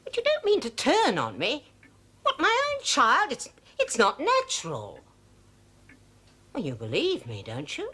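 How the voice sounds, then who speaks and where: A woman's voice: high voice, wildly swooping pitch, measured pace, pauses often, pushed and bright, husky, full character voice. A blustering, pleading mother. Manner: emotional, swinging between bluster and pleading. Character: worldly mother pleading with her cold daughter. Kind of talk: period film drama acting. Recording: old film soundtrack with faint hiss.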